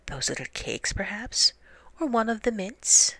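A woman's voice: very animated, measured pace, pushed and bright, no echo, heavily acted. A woman voicing a small, friendly, polite mouse in a storybook reading. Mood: cheery. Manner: polite, cheery, a little higher voice.

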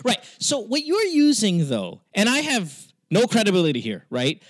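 High-voiced Americanized-accent man, podcast host. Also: moderate pace, dry recording. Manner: profane, animated and argumentative with frequent stammered restarts. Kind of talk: casual podcast chat.

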